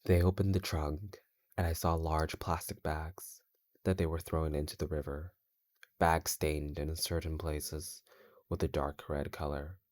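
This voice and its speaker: A man reads scary stories aloud in a steady, measured voice while gaming, slowing down on the tense parts. His voice sits extremely low, and the sound is close and dry with no room around it. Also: no room sound. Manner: measured, steady reading with slow stretches. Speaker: channel host reading stories. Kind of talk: horror story reading while gaming.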